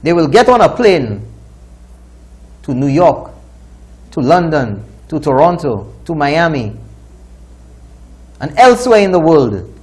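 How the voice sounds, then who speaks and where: A man's voice: fairly high pitch, very animated, slow pace, pauses often, a little mellow. A man with a Saint Lucian accent, hosting a talk show and delivering indignant opinion commentary. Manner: indignant, scolding.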